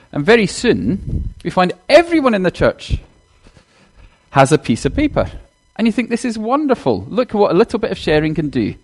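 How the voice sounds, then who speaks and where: A man giving a chatty sermon in a church, talking directly to the congregation and acting out a children's talk. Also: sits high. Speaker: minister.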